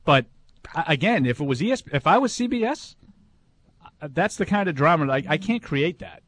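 Man, sports radio analyst, fairly high voice, dry close sound, restarts often. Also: lively intonation, fairly quick, fairly bright tone, dry recording. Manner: analytical, argues points with repeated restarts. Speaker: sports talk show co-host and analyst. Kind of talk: casual sports radio chat.

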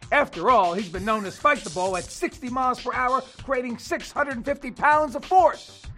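A man's voice: very high voice, moderate pace, bright, forceful tone, soft background music. A man presenting a scripted, playful science lesson for kids. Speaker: kids' show science segment host. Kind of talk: scripted educational narration.

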